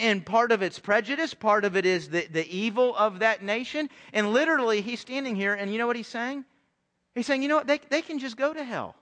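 A man's voice: sits high, bright, forceful tone. A man preaching a sermon as pastor to his congregation, earnest and repeating words as he builds to a point. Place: church sanctuary.

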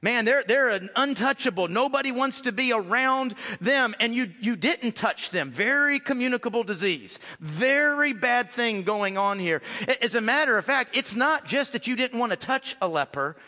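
Male pastor, high bright voice, conversational sermon, long church reverb. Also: animated, normal speed, few pauses. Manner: conversational preaching, swings from loud to hushed.

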